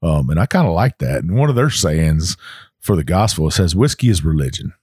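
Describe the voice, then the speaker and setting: A man's voice: deep voice, big pitch swings, brisk, darkish tone, breathy edge, no echo, clean studio sound. A man with a Southern US accent, co-hosting a podcast in a folksy, rambling way with plenty of fillers. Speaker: podcast co-host. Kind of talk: casual chat.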